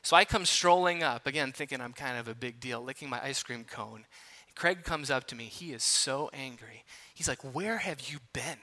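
A man in his thirties from Wisconsin preaching a sermon, telling a personal story in an animated, conversational, self-deprecating way. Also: mid-range voice, normal speed. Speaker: pastor. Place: large church hall.

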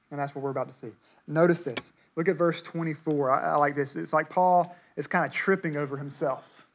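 A man preaching a sermon to a congregation, conversational and emphatic, repeating words to stress his points. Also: fairly high pitch. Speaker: pastor.

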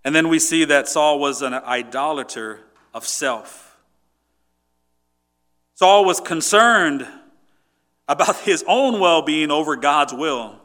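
A man preaching a sermon, emphatic and swinging between loud points and quiet asides. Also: a little high, expressive, slow pace, long pauses. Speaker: pastor.

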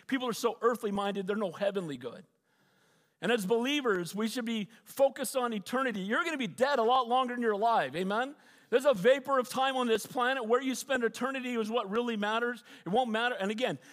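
A man's voice: high voice, long reverb tail. A middle-aged man, a pastor, preaching a sermon and often asking the congregation for an amen.

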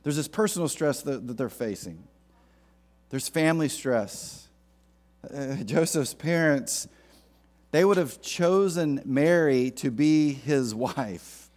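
A man's voice: medium pitch, animated, slow pace, a little mellow. A male pastor preaching a sermon in a conversational, joking storytelling manner.

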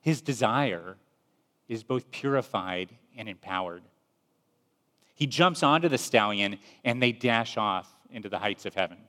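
A man preaching a sermon in a measured, earnest storytelling manner. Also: on the low side, expressive, sharp tone. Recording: long reverb.

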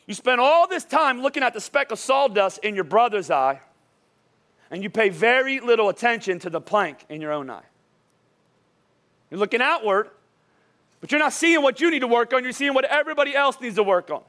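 High-voiced animated preacher man. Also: fairly quick. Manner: animated, joking, urges the crowd to repeat after him. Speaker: pastor. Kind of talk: lively sermon with call-and-response. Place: church service before a congregation.

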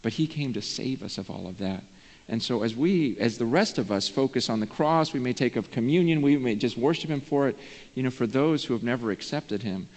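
A man's voice: medium pitch, expressive, normal speed, darkish tone. Pastor, man, earnest conversational sermon delivery, long church-hall reverb. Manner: earnest, conversational preaching, often says "man". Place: church sanctuary.

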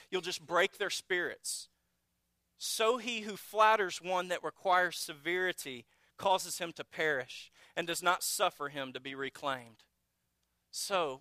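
A man's voice: sits high, sharp tone, dry recording. A man preaching a sermon as pastor, earnest and blunt, asking the congregation rhetorical questions.

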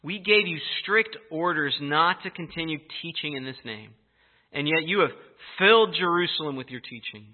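A man preaching a sermon, telling the story in an animated, emphatic way. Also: on the high side, moderate pace. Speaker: pastor. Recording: tinny phone-like audio.

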